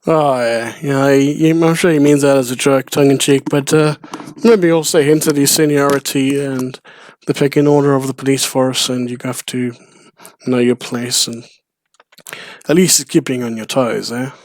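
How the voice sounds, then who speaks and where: A man's voice: medium pitch, steady tone, normal speed, a little mellow. A man giving playful, rambling commentary on a video game, with frequent chuckles. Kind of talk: let's play commentary.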